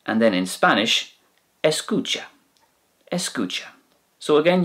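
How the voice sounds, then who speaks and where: Male tutor, unhurried, repeats every word twice, lively intonation. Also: lowish voice. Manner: slow, repeats each word carefully twice. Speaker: language teacher. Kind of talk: casual language lesson.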